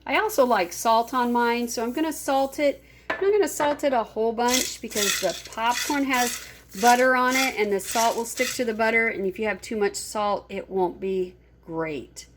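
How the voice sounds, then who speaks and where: A woman teacher showing children how to make popcorn, talking slowly and gently to her class. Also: fairly high pitch, background noise. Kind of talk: classroom cooking demo.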